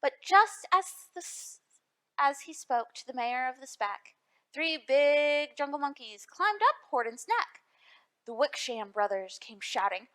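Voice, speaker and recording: Woman librarian for storytime read-aloud, high voice, slow unhurried delivery. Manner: expressive, addresses children with questions. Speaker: children's librarian.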